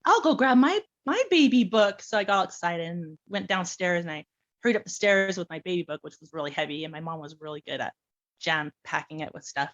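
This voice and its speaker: A woman's voice: low-pitched, fast, muffled recording. A woman casually telling her own adoption story, acting out the dialogue with lots of animation. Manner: animated, acts out quoted dialogue, laughs often.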